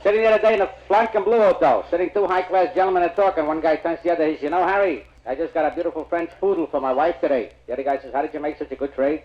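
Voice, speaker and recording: A male stand-up comic rattles off one-liners and short stories at a fast clip, in a mid-range voice. The sound is muffled and dull, like an old vinyl comedy album. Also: on the high side, slight background noise. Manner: brisk, punchline-driven storytelling. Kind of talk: rapid-fire joke telling.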